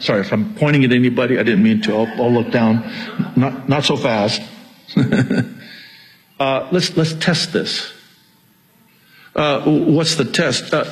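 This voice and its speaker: A man preaching a sermon to his congregation, emphatic and rising to near-yelling before calming down with self-aware humor. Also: medium pitch, poor audio. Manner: addresses congregation as "you guys". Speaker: pastor.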